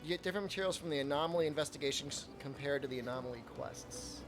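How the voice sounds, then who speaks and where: A man's voice: a little high, quick pace, music in the background. A man streaming a video game, chatting casually with his chat, answering questions and laughing often.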